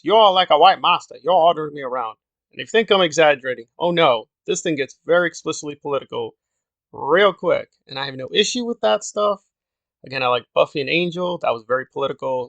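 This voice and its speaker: A man's voice: mid-range voice, gravelly, a bit bright, no echo, dull audio. A man giving a casual, opinionated review monologue, critical and exasperated, with sarcastic asides. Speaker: video reviewer.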